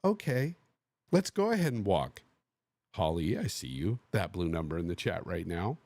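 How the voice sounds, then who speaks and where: Male podcast host from the Bay Area. Animated casual storyteller who acts out quotes. Lively pitch, dry sound. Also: moderate pace, no room sound. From Bay Area, USA.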